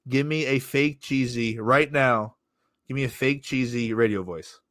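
A man's voice: medium pitch, measured pace, a bit bright, no echo, clean studio sound. A man hosting a casual podcast interview, rambling and jokey with plenty of swearing. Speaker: podcast host.

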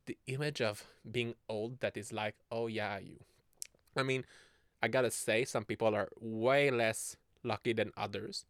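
A man in his twenties hosts a casual solo podcast, rambling and giggling, often laughing mid-sentence. His mid-range voice is fairly bright and smooth, captured in clean studio sound with no room sound.

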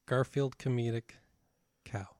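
A man's voice: medium pitch, measured pace, no echo, studio quality. Laid-back man co-hosting a podcast. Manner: relaxed, teasing, steers the segments. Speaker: podcast co-host. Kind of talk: casual chat.

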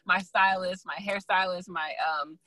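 A young adult woman, a guest and magazine founder, telling her story in a lively way, acting out quoted voices and laughing often. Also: fairly low pitch, measured pace, no room sound, poor audio. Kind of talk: animated storytelling in casual chat.

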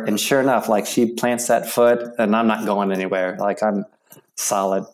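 A middle-aged man, a guest in an interview, telling stories haltingly with many restarts and fillers. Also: on the low side, level tone. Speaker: interview guest, yoga practitioner. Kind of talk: casual storytelling interview.

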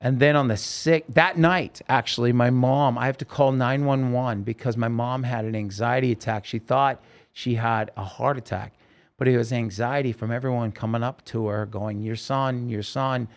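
Gravelly-voiced man telling a story. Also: medium pitch, steady tone, moderate pace. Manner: rambling, emotional retelling with many fillers. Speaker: podcast guest telling his story. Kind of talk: casual storytelling interview.

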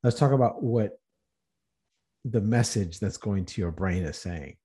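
Mellow-voiced man giving a motivational talk. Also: lowish voice, lively intonation, a little slow. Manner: earnest, rhetorical questions, frequent restarts. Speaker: podcast host. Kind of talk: motivational podcast monologue.

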